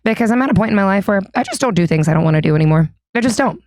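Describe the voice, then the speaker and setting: A woman's voice: medium pitch, animated, rapid-fire, a little mellow, dry recording, studio quality. A woman who is a podcast guest, talking casually in a candid, self-assured way and laughing easily. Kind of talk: casual conversation.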